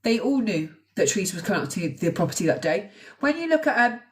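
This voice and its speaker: A woman's voice: medium pitch, very animated, fast. A woman hosting a true crime livestream, talking to viewers in a conversational, hesitant way with restarts and asides. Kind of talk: casual livestream commentary. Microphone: phone on a live stream. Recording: voice a little away from the mic.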